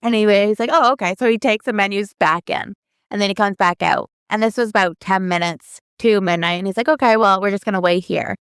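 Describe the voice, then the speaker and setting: A woman's voice: mid-range voice, a little fast, clean tone, dry recording, clean studio sound. A woman, co-hosting a podcast and telling a long personal story in a chatty way full of fillers. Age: 30s. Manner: chatty, lots of fillers, quotes people in her story. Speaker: podcast co-host. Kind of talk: casual storytelling.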